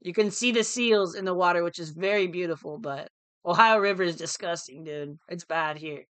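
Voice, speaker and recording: On a live trading stream, an American day trader chats in a loose, slangy way, repeating phrases and addressing his audience as dude and bro. His high-pitched voice is bright and smooth, delivered at normal speed. The recording is dry and close, with no room sound.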